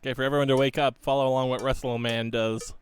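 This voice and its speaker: A woman's voice: rumbling low, level tone, quick pace, slight background noise. A woman co-hosting a game stream who laughs often and explains things patiently in casual chat. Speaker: stream co-host. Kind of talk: casual let's-play chat.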